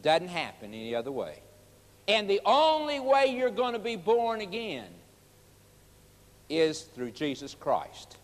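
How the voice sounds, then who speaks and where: A male preacher with a fairly high voice that swoops up and down through an emphatic, folksy sermon. He talks straight to his listeners, and a long hall reverb hangs behind every phrase. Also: sing-song, measured pace. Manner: emphatic, folksy, direct address.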